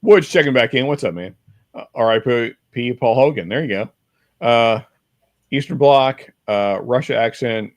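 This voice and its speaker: A man's voice: mid-range voice, unhurried, no room sound. A man chats loosely as a podcast co-host, his talk full of restarts and fillers as he rambles along. His voice sits in a middle register. The sound is dry and close, with no room around it. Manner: reads viewer chat aloud. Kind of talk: casual chat.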